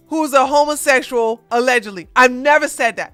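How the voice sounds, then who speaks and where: A woman hosting a casual commentary livestream, chatty and animated, laughing as she reacts. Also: sits high, a little fast, few pauses, smooth, no echo, faint music behind. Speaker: livestream host.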